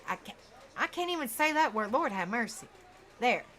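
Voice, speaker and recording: A woman's voice: high voice, big pitch swings, normal speed, a bit bright. A woman hosting true crime reaction commentary, talking straight to her viewers, outspoken, often stumbling over words.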